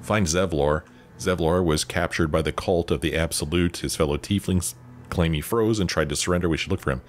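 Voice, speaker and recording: A man with a deep voice talks briskly while hosting a let's play, reading dialogue options aloud and keeping the commentary casual. Faint game music can be heard behind him.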